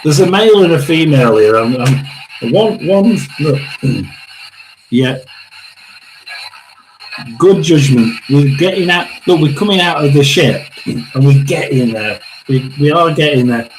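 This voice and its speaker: A man hosting a live tarot and spirit box session, talking haltingly, repeating words and often clearing his throat. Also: fairly high pitch, animated, a little hiss or hum, poor audio.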